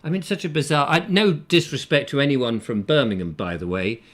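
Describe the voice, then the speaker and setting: A man's voice: mid-range voice, very animated, fairly quick, fairly bright tone. Rambling English man hosting a chat show. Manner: rambling, self-deprecating, fond of silly voices. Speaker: host. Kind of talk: comic live chat show banter.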